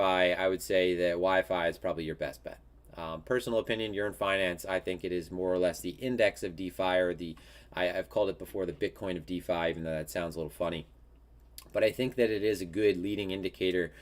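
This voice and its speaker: A man with a very low, congested voice hosts a live market commentary show. He talks loosely and off the cuff, full of ums and restarted phrases. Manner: casual, many fillers and restarts. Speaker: crypto market show host.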